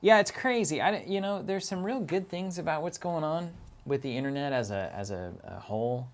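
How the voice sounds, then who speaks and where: A man's voice: a little high, lively intonation, a little fast. A man co-hosting a card game stream from an office, chatting casually, laughing often and reading viewer comments aloud.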